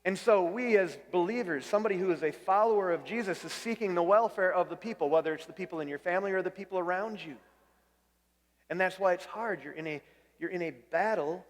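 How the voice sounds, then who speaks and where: A man's voice: sits high, fast talker, long reverb tail. A man preaching a conversational sermon as pastor, often restarting his phrases and putting questions to the congregation. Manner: conversational, repeats words when restarting, asks the room questions.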